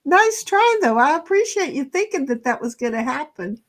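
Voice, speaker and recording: A woman's voice: high-pitched, sing-song, moderate pace. A woman co-hosting a live game night who talks through her card moves, recaps the chat and laughs a lot. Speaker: livestream co-host. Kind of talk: casual chat while playing a card game.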